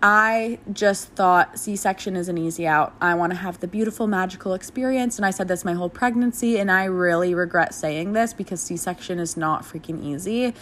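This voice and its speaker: A young woman candidly telling her own birth story in a casual, frank way, swearing freely and jumping into animated voices for the people she quotes. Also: fairly low pitch, normal speed, few pauses, a little hiss or hum.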